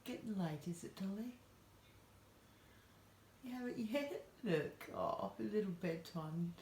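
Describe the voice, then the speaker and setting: A woman's voice: medium pitch, animated, slow pace, a little mellow, far from the mic. A woman from Australia talking in a coaxing, affectionate way to her pet parrot. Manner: coaxing, affectionate baby-talk to a bird. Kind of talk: casual talk to a pet. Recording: echoey room, voice from off-mic, noisy.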